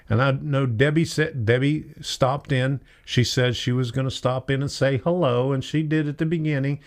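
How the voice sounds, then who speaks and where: An older man hosting a live stream, greeting viewers by name in a chatty, folksy way. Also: mid-range voice. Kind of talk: casual live stream chat.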